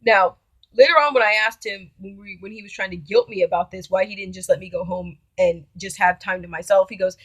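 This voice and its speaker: A woman's voice: mid-range voice, brisk, slightly rough, no echo. A young woman telling a personal story casually, bluntly and indignantly, with plenty of swearing and acted-out quotes of both sides. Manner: blunt, profane, indignant retelling with quoted dialogue.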